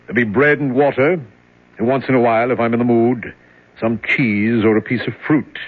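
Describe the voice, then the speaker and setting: A man plays a curt jailer who explains cruel rules without a flicker. His voice is husky and plainly pitched. It sounds thin and tinny, like an old 1970s radio play. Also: steady tone, moderate pace, lightly acted. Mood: cold. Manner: matter-of-fact, dry. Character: curt male jailer, unbothered and cold. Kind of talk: 1970s radio drama acting.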